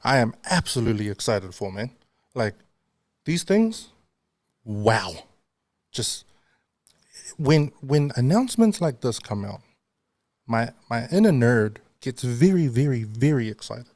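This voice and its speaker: A man's voice: medium pitch, big pitch swings, unhurried, long pauses, darkish tone, no echo, studio quality. A male radio host in casual chat, talking in a chatty, self-mocking way and laughing often. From not London.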